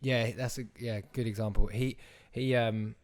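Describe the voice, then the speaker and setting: A man's voice: medium pitch, steady tone, normal speed, darkish tone. A young man, an actor guest in a casual podcast chat who rambles, restarts often and acts out quotes.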